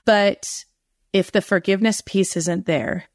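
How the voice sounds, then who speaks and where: A woman's voice: mid-range voice, unhurried, dry recording, studio quality. A middle-aged woman speaking as a guest author in a podcast interview, earnest and rambling, often correcting herself.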